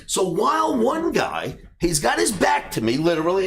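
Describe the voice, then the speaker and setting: A man in his sixties, a trading educator, telling a personal story in an animated way and bursting into shouts when he acts out scenes. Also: sits high, a little fast, slight background noise.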